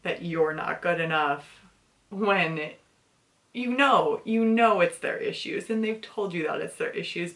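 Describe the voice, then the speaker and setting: Slow-talking young woman reviewing a book. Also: lowish voice, a bit bright. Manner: emotional, laughs often, candid. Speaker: book club host.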